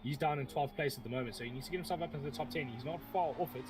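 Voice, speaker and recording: A man's voice: medium pitch, racing, noisy background. Rambling male sim racing commentator. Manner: rambling, self-correcting, joking. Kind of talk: live race commentary.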